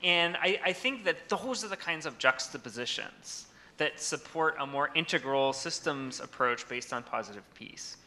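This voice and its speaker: Male panelist, gravelly, very bright tone, measured. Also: fairly high pitch, expressive. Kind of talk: academic panel discussion.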